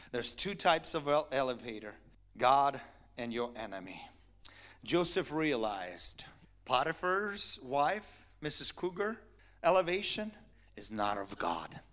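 Emphatic, bright-voiced male pastor preaching. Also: a little high. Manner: animated, emphatic preaching with repetition. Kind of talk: sermon.

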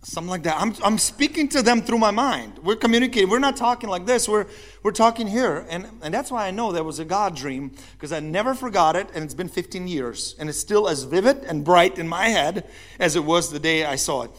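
A man's voice: high voice, lively intonation, a little fast, a bit bright. A man, the pastor, preaching a sermon, telling a story with energy and putting questions to his congregation.

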